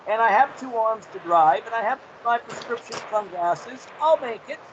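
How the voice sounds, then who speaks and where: High-voiced man telling an earnest story. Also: animated, normal speed, background noise. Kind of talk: casual chat. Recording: slightly muffled recording.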